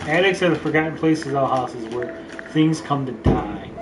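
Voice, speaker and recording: A man's voice: mid-range voice, moderate pace, far from the mic, noisy background. A man hosting a casual gameplay session, joking, rambling and reading the game's text aloud. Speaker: let's play host. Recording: roomy sound from off-mic, game music. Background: game music.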